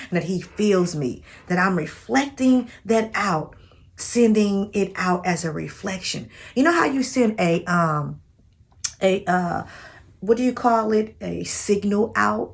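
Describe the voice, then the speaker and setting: This woman's voice sits fairly low, gravelly with a breathy edge. Speaking casually to camera, she gives motivational dating advice to her "sis" viewers, preachy and spiritual, pushing prayer and manifesting.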